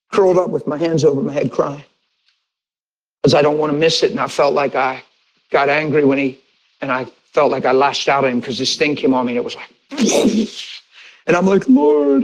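Animated storytelling male pastor. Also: fairly quick, poor audio. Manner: animated, re-enacts conversations with rising pitch and bursts of laughter; conversational, direct address to congregation. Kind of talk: sermon storytelling.

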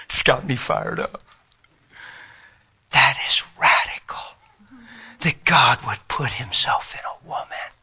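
Male preacher, impassioned sermon, husky voice, bright sharp tone, shouts and whispers. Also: medium pitch, slow, long pauses. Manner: swings from shouting to whispering, emotional.

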